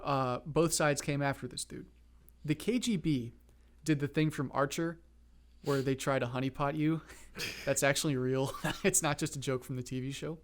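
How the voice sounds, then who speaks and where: A man hosting a podcast, telling a story casually with laughter and quick asides. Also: mid-range voice, steady tone.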